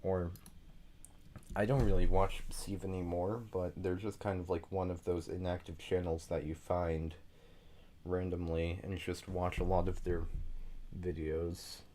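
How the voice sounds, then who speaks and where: A man's voice: low voice, little pitch movement, a little slow, mellow, a little hiss or hum. A man with a slight Southern US twang, rambling in casual chat while building a game level and apologizing for going off track. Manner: rambling, chatty, apologetic asides. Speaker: level creator streaming.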